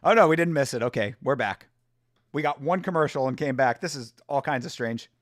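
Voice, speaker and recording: Reacting to fights on a livestream, a man jokes and swears freely while talking to chat. His medium-pitched voice is expressive, and he speaks a little fast. It's studio-quality audio with no room sound.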